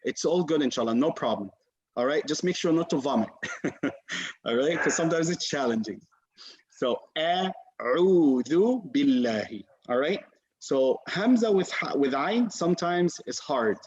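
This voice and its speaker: Patient male teacher, slightly high voice, muffled video call sound. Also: lively intonation, normal speed. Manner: patient, encouraging, demonstrates sounds. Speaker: Quran recitation teacher. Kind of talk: online class teaching.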